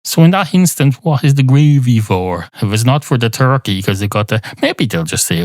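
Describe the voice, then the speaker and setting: A man's voice: medium pitch, lively intonation, normal speed, few pauses, darkish tone, no room sound. A man hosting a podcast, rambling through a mock-indignant comic monologue. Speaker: podcast host.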